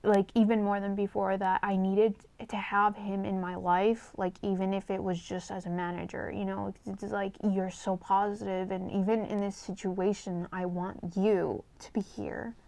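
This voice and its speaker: Gravelly-voiced woman telling a personal story. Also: mid-range voice, flat delivery, normal speed, few pauses, a little mellow. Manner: candid and rambling, with many fillers and swearing; emotional and confessional. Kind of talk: casual storytime.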